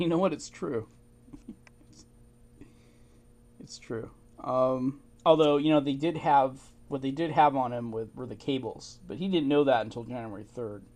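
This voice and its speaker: Speaking a little slowly in a slightly mellow, medium-pitched voice, a man casually narrates old archive documents as an amateur historian. His retelling is informal, sprinkled with chuckles, asides and "you know."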